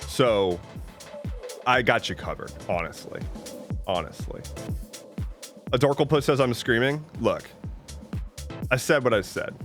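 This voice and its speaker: A man chatting casually on a live stream, joking playfully and reading viewer messages aloud. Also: medium pitch.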